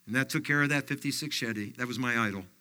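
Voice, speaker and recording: A man's voice: mid-range voice, fast, bright, forceful tone. An older man giving a folksy sermon, often dropping in fillers and personal stories. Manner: folksy, anecdotal preaching with frequent fillers. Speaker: pastor.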